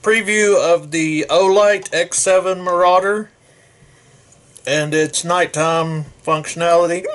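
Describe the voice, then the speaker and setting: Man in a casual gear review, slow and rambling with a slightly high voice. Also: steady tone, fairly bright tone. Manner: rambling, self-correcting, folksy.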